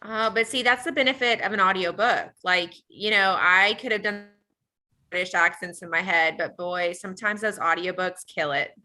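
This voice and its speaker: A woman's voice: on the low side, moderate pace, bright, forceful tone. A woman co-hosting a library podcast, joking and teasing in casual banter.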